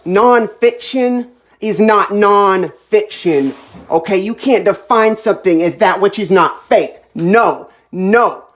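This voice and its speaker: A woman's voice: medium pitch, takes it slowly. Tearful, impassioned young woman vlogging. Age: 20s. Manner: intense, repetitive, impassioned, swings between quiet and loud. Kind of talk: emotional direct-to-camera monologue.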